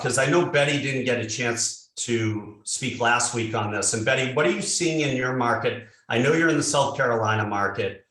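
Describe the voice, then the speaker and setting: A man hosting an online panel discussion, relaxed, asking the guests questions. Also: medium pitch. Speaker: panel host. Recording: roomy echo.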